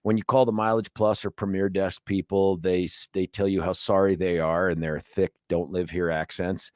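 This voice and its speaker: A man's voice: low voice, moderate pace, no echo. Guy in his 50s hosting talk radio, chatty and rambly, dead dry studio mic. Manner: lively storyteller, rambling with restarts. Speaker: radio talk show host. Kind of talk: casual talk radio chat. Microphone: studio microphone.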